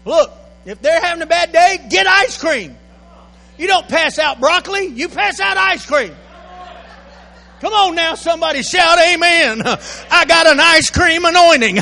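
An older man, preaching a sermon that swings from quiet storytelling to loud, shouted exhortation. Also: extremely high pitch, animated, a little slow, creaky. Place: church sanctuary. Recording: echoey hall with faint mains hum.

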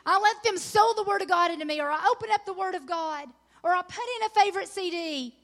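A middle-aged woman preaching at a women's conference, earnest and encouraging, swelling into excited emphasis when she reads scripture. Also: extremely high pitch, fast talker. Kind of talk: sermon.

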